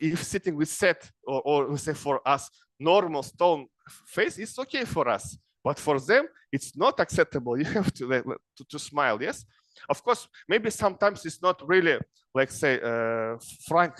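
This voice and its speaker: A middle-aged man from Kazakhstan gives an informal lecture in broken English. His voice sits somewhat high for a man. The recording is dry and close, and he keeps tagging "yes?" onto his points. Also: animated, unhurried, fairly bright tone, dry recording. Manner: broken English, frequent "yes?" tag questions. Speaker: speaker advising young people.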